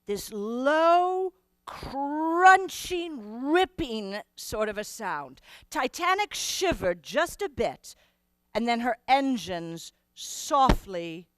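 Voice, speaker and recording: Woman, in-character first-person monologue, slow, animated, fairly high, dry sound. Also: dry recording. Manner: slow, deliberate, expressive storytelling. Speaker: performer in character.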